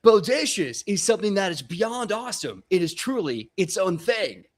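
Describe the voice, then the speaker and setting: A man's voice: a little high, normal speed, darkish tone, lightly acted. A man voicing a laid-back young male adventurer who mixes formal phrasing with surfer slang. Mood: earnest.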